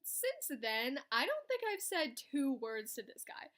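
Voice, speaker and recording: Her high-pitched voice swoops wildly up and down as she takes her time. She's a young vlogger recounting a story in casual conversation, dramatic and gabby, flipping between loud outbursts and soft asides.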